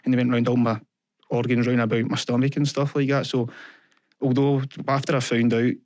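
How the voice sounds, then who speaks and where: A young Scottish man speaks in an earnest, halting way, retelling events and quoting other people as he goes. His pitch stays fairly level and even, and the sound is close and dry with no room around it. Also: dry recording. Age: young adult. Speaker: podcast guest. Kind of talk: candid personal interview.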